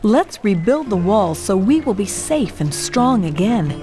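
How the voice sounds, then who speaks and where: A woman's voice: medium pitch, big pitch swings, measured pace, over music. A woman voicing Nehemiah, a humble and faithful young servant in a children's Bible storybook, speaking earnestly. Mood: encouraging. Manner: earnest and encouraging.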